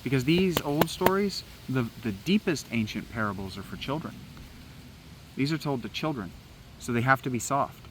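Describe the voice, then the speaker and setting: A man's voice: medium pitch, animated, moderate pace, background noise. Agitated, profane man talking outdoors. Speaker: vlogger. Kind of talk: rambling spoken meditation. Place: outdoors in woods.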